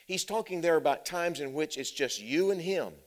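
A man preaching a sermon who drops to hushed, low passages and then climbs into loud, emphatic runs of repeated phrases. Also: animated, normal speed. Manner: builds with repeated parallel phrases.

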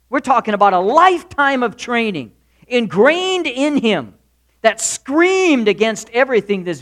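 Male preacher, high-pitched voice, lively and jokey sermon delivery. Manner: animated, humorous, acts out quotes.

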